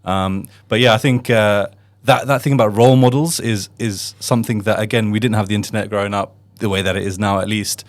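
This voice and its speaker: A man's voice: lowish voice, fairly even intonation, a little fast, hardly any pauses. A man hosting a podcast who reflects on his guest's story in a casual way, thinking aloud with restarts. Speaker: podcast host. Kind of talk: casual interview chat.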